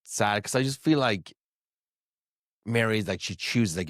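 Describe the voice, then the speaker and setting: A man's voice: fairly low pitch, unhurried, fairly bright tone, no echo, studio quality. A man hosting a podcast, chatting casually and gossiping about reality TV with plenty of laughter and swearing. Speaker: podcast host. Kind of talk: casual chat recapping reality TV.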